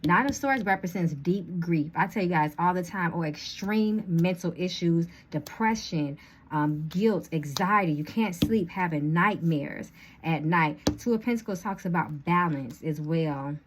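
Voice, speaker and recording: A woman's voice: lowish voice, unhurried, slight background noise. A woman reading tarot cards to her viewers in a casual chatty way, with a slight lisp from dental retainers. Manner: chatty, addresses viewers as y'all, thinks aloud. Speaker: tarot reader.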